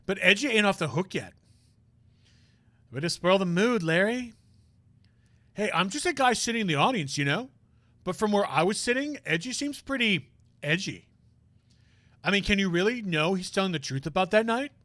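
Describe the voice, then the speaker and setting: A man voicing a brash, goofy young man in a visual novel read-aloud, cocky, loud and slangy. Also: high-pitched, expressive, moderate pace, pauses often, no room sound.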